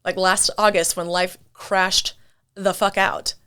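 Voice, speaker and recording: A woman's voice: lowish voice, flat delivery, slow, pushed and bright, clear, resonant tone. A young adult woman hosting her own podcast, talking candidly and reflectively in a chatty, casual monologue. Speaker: podcast host.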